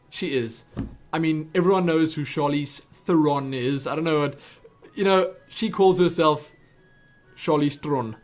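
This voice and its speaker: A young man with a South African accent chatting through viewer questions on his webcam vlog, rambling with lots of asides and self-corrections. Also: a little high. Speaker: YouTube host answering viewer questions. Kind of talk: casual Q&A vlog chat.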